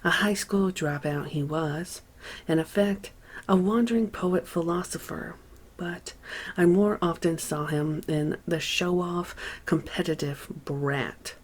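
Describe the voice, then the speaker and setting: An audiobook narrator reads a memoir aloud in a husky voice on the low side. She is measured and unhurried, leaving deliberate pauses.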